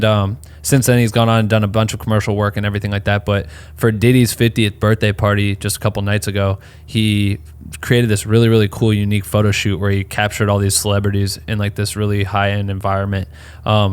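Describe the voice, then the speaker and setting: A man co-hosting a podcast, talking in an excited, casual way with plenty of swearing. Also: lowish voice, clean tone. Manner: hyped, profane, enthusiastic. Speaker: podcast co-host.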